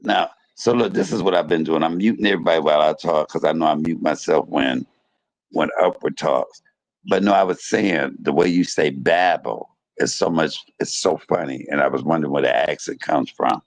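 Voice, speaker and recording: Very deep and moderately paced, this middle-aged man's voice comes through dry despite the noisy online stream audio. Hosting a casual live-stream chat, he speaks earnestly and repetitively, often interrupting to say "hold up".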